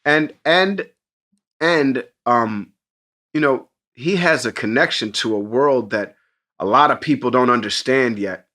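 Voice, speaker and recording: A man co-hosting a podcast, telling an animated, profane story in casual chat and jumping into excited voices for the people in it. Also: mid-range voice, unhurried. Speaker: podcast co-host.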